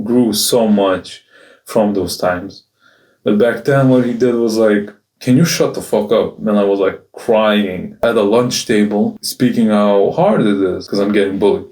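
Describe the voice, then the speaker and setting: A man's voice: fairly low pitch, darkish tone. A man speaking in a confessional video diary, raw and emotional, swearing often and restarting his sentences. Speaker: video journal host. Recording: roomy echo, mic at a distance.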